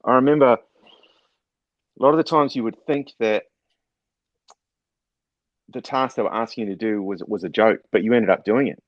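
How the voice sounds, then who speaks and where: Low-voiced New Zealand man, dry sound. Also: no room sound. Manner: measured and reflective, with frequent fillers. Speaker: guest, former special forces officer turned doctor. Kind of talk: casual storytelling in conversation. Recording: slightly dull, muffled sound.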